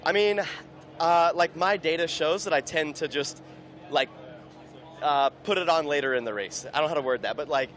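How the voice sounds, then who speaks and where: A man's voice: on the high side, moderate pace, fairly bright tone. Laid-back racing driver man, lots of likes. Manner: casual, filler-heavy and stoked. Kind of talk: trackside interview. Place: outdoors at a racetrack.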